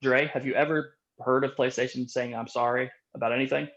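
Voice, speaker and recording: A man's voice: medium pitch, steady tone, a little fast, fairly bright tone. Laid-back man hosting a podcast. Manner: laid-back, chatty storyteller. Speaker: podcast host. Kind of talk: casual chat. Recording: dull lo-fi audio.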